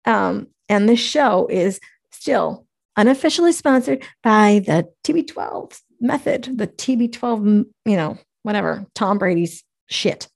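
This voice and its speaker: A woman's voice: medium pitch, vocal fry. A woman hosting her own podcast, ranting casually and profanely about football, rambling and tripping over her words. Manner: rambling, profane, self-deprecating, heated. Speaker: podcast host. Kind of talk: casual solo sports podcast rant.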